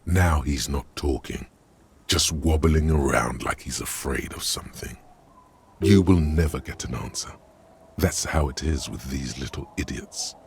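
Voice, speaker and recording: An actor voicing a sardonic male inner voice that narrates a game in a dry, mocking way, with a gravelly tone. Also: rumbling low, a little slow, slight background noise.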